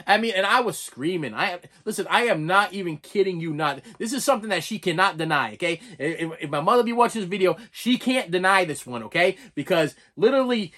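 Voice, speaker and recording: High-voiced man ranting a childhood story. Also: brisk, hardly any pauses. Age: middle-aged. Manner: animated, repetitive, acts out scenes. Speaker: vlogger. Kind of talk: storytelling rant.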